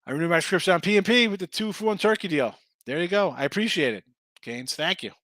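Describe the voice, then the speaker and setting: A man hosting a sports betting stream in a casual, rambling way, reading out picks and records and talking back to his chat. His voice is bright and forceful and sits a little high. The sound is dry and close, with no room echo. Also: quick pace. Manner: rambling, reads out picks and chat names, restarts often. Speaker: sports betting show host.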